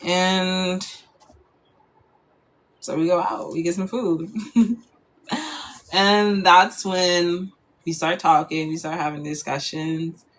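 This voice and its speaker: A woman's voice: on the low side, fairly even intonation, slow pace, pauses often. A young woman telling a personal story in a casual, chatty way, full of fillers.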